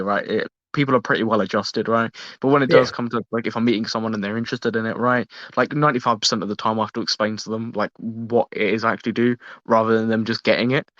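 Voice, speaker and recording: A man hosting a casual podcast interview, speaking haltingly with many fillers and ending his points with "right?". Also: fairly low pitch, a bit bright, no room sound. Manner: halting, filler-heavy, tags lines with "right?". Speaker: podcast host. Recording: dry, dull lo-fi mic.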